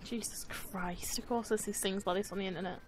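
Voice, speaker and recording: A woman's voice: mid-range voice, steady tone, fairly quick, noisy background. A young woman hosting a casual gaming chat, giggling a lot, swearing and egging her friends on. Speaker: gaming channel host.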